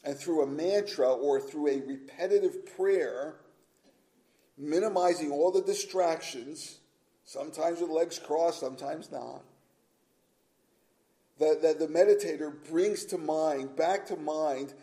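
A pastor preaching an earnest sermon, stressing each point with repeated phrases and slowing down to read scripture aloud. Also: male voice, on the high side, dark tone, low-quality recording.

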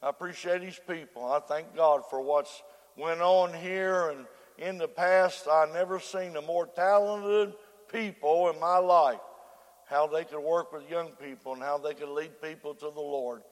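An older man, preaching a sermon that moves from soft prayer to shouted preaching. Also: a little high, fairly even intonation, measured pace. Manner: prays softly, then preaches in rising shouts. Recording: echoey hall with long reverb.

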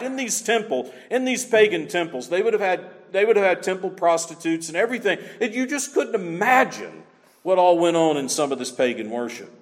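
A man preaching a sermon with emphatic, repeated key phrases, in a church. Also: high-pitched. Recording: long hall reverb.

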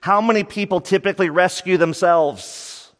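A man preaching a sermon as pastor, fervent, with big swings between raised and hushed passages. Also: high voice, moderate pace, long reverb tail.

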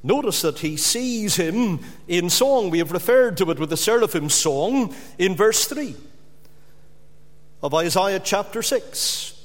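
A man delivers a sermon in a high, ringing voice, pressing hard on repeated words. His voice carries a long reverberation, as in a church or hall. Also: lively intonation, unhurried. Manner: emphatic, rising to loud repeated stresses. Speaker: preacher.

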